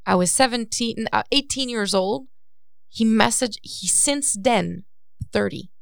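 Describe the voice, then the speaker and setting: A young woman co-hosting a podcast in casual chat, telling animated stories and reading messages aloud. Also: a little high, a little slow, vocal fry, clear, resonant tone, no room sound, studio quality. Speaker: podcast co-host.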